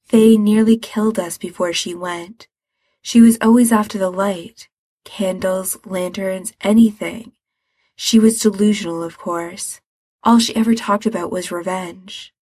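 A woman voicing a grieving older man who speaks low and subdued, weary and gentle, reading a story aloud. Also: steady tone, unhurried, slightly rough. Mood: heavy, weary.

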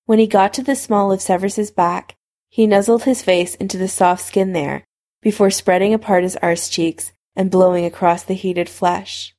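Woman narrator with vocal fry. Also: medium pitch, mellow. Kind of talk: fan fiction reading.

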